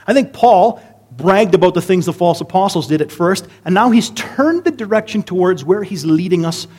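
A man preaching a conversational sermon, lively, with rhetorical questions and casual asides. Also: high-pitched, normal speed, breathy edge.

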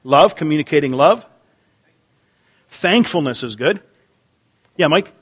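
A man's voice: on the high side, lively intonation, unhurried, fairly bright tone, slightly rough. A man preaching a sermon in church, chatting with the congregation, repeating their answers aloud and often restarting his sentences. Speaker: pastor. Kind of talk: interactive sermon.

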